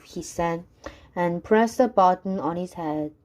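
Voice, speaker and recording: Slow-reading woman storyteller. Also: on the low side, darkish tone. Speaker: reader. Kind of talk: reading a rhyming story aloud.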